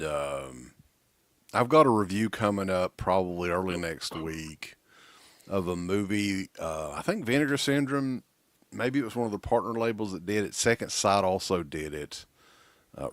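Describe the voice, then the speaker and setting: A man's voice: low voice, a bit bright, dry recording. A man co-hosting a livestream, chatting loosely about movies and swearing casually. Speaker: co-host of a horror movie livestream. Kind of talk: casual chat.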